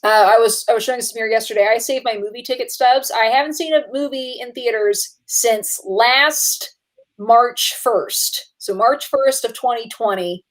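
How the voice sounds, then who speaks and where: A young adult woman co-hosting a casual movie podcast. She talks in an excitable, chatty way, with lots of fillers and quick laughs. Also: fairly high pitch. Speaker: podcast co-host.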